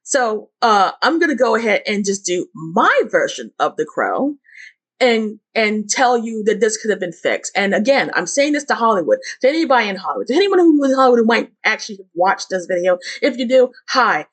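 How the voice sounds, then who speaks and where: Woman ranting casually about a movie, rambly, restarts a lot, voice a little high. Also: very animated, brisk. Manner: frustrated, rambling, with many restarts. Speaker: movie reviewer. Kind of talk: casual ranting film review.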